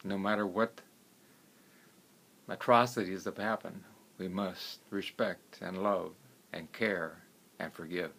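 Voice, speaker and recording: Man telling stories in a low voice. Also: fairly even intonation, slow pace, creaky, long pauses, a bit bright, husky. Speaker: herbalist. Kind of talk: casual storytelling.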